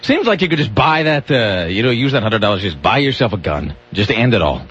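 A male radio host in casual comic banter, his pitch swinging widely as he rambles and restarts. The voice is husky and fairly high. It comes through as a dull, lo-fi radio broadcast. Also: sing-song, fairly quick, a bit bright. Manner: rambling, sardonic, with many restarts. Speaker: radio talk show host.

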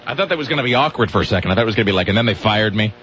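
Animated man, swooping pitch, casual rambling chat, dull radio sound. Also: racing, a little hiss or hum. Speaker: radio show host. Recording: muffled lo-fi radio broadcast.

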